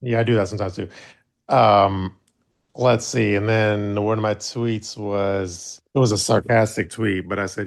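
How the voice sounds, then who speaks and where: A man's voice: on the low side, fairly even intonation, measured pace, vocal fry. A man co-hosting a casual podcast recap, laid-back and talking with many fillers. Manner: laid-back, recounting his own posts with many fillers. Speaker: podcast co-host.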